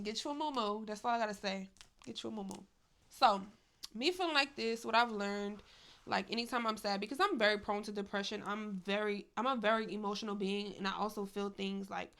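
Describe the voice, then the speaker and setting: A young woman speaks straight to her viewers in a casual, confessional vlog. She talks candidly and with emphasis, leaning on "y'all" and "like" as she goes, in a voice of middling pitch. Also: fairly bright tone. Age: young adult. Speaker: vlogger.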